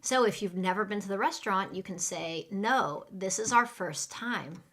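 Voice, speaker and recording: A woman's voice: medium pitch, moderate pace, a bit bright. A woman teaching a live English lesson, patiently modeling restaurant phrases for students to repeat.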